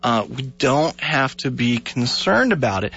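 A man's voice: mid-range voice, measured pace. A man hosting a Christian call-in radio show, talking earnestly and telling stories animatedly. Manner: earnest, animated storytelling with laughs. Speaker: radio talk show host. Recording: dull lo-fi radio broadcast.

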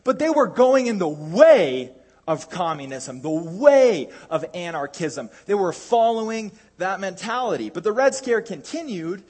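A man's voice: sits high, very animated, a little slow, a little mellow, slightly rough. A man preaching a sermon in a conversational way, with jokey asides and frequent restarts.

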